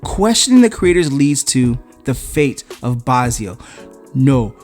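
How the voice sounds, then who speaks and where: A man's voice: medium pitch, sing-song, takes it slowly, a little mellow, soft background music. A man voicing a proud female angel general, speaking in a formal, solemn, declaiming way. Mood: solemn resolve.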